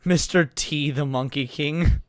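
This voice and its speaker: A VTuber co-host on a late-night stream jokes around and reads chat messages aloud, often stammering and restarting. His voice is fairly high and unhurried, recorded at studio quality with no echo.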